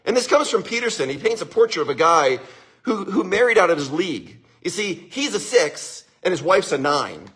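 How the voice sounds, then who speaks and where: A man's voice: fairly high pitch, fairly bright tone, breathy edge. A man hosting a live stream and giving casual marriage advice. He talks animatedly, chuckles often and keeps checking in with his listeners.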